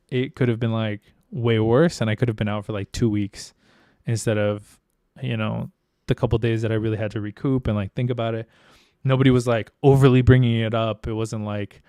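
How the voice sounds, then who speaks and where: A man's voice: mid-range voice, fairly even intonation, a little fast, darkish tone, smooth, no echo, studio quality. A man hosting a live podcast, talking candidly and reflectively in casual chat, swearing freely. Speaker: podcast host.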